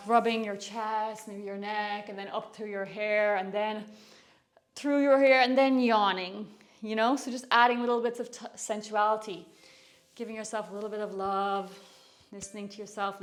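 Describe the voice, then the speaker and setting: A young woman leading a guided movement tutorial, talking breezily and encouragingly while she moves, a little out of breath. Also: mid-range voice. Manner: encouraging, breezy, with soft laughs. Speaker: movement instructor.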